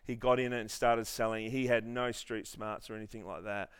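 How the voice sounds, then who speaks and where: A man's voice: fairly low pitch, steady tone, fairly quick, clean tone. A man preaching a sermon, telling a story with many restarts and then leading the congregation in earnest prayer. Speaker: pastor.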